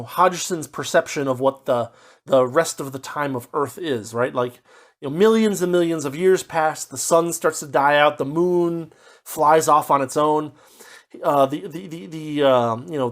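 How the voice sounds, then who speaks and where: A man giving a casual spoken book review, rambling with lots of fillers and restarts, now and then slipping into quick mock voices as he paraphrases. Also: fairly high pitch, animated. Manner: puts on brief mock voices when paraphrasing.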